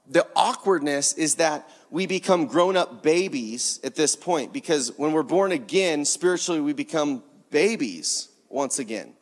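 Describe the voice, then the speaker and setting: A man preaching a sermon in an animated, conversational way, often laughing as he speaks. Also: on the high side, unhurried, hardly any pauses, in a large hall.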